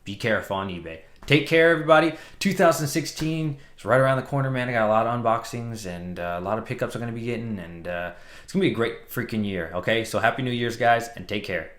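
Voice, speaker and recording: A man casually telling a story on his vlog, animated and exasperated, later calmer. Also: mid-range voice, quick pace, roomy sound. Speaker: comic book vlogger.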